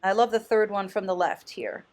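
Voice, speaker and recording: A woman vlogging casually as a thrift host, chatty and enthusiastic, often exclaiming and thinking out loud. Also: mid-range voice, moderate pace. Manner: muses aloud, thinking out loud. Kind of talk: casual vlog commentary.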